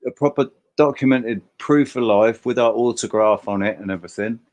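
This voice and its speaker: A man's voice: medium pitch, fairly quick, darkish tone. Emphatic, rambling man chatting. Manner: emphatic, rambling, swears freely. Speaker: host. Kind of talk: casual livestream chat.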